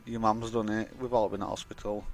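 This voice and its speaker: A man's voice: on the low side, little pitch movement, brisk, gravelly. A young man telling a personal story in a casual, rambling way, swearing often and acting out what others said. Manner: rambling, swears a lot, acts out quoted dialogue. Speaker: vlogger.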